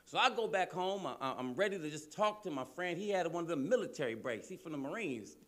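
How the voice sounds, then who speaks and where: Cleveland comic guy, swearing loud, voice jumping all over, kinda high. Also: fast talker. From Cleveland, Ohio, US. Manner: loud, profane, animated storytelling. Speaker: stand-up comedian. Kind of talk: live stand-up routine. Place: comedy club stage.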